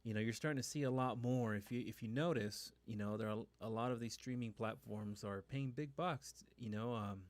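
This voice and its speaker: A man co-hosting a podcast in casual chat, laid-back and teasing, pausing often with fillers. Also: mid-range voice, no room sound. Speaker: podcast co-host.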